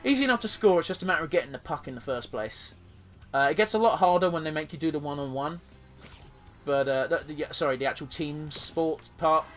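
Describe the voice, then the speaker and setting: A man with a somewhat high voice talks through his gameplay in a rambling, jokey way, swearing freely. Faint music sits under his voice. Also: a little fast, a bit bright. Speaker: let's play host. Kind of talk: gameplay commentary.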